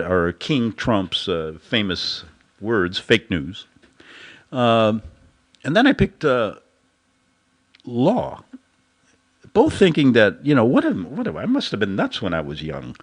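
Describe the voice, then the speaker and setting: A male host delivers a loose, rambling commentary monologue. His pitch swings up and down constantly, and he keeps chuckling at his own jokes.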